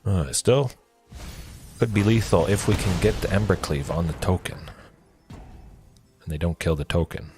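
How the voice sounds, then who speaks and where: A man streaming a card game, commenting casually and thinking aloud, with excited exclamations and a lingering cough. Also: deep voice, unhurried, long pauses, faint music behind. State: coughing, with a cold.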